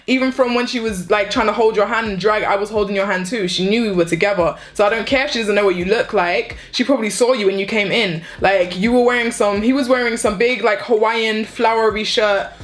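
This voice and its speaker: A young woman, telling a story time vlog with repeated rhetorical questions. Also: medium pitch. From born in the UK, raised in New Jersey and Florida. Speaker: vlogger. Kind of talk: story time, casual chat.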